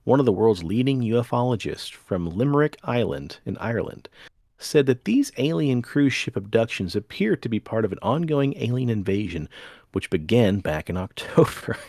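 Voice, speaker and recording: Brief: male podcast co-host, gravelly voice, lively pitch, dry close mic. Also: normal speed, dry recording. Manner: animated, laughs often, gravelly. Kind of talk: casual podcast chat, reading a news story aloud.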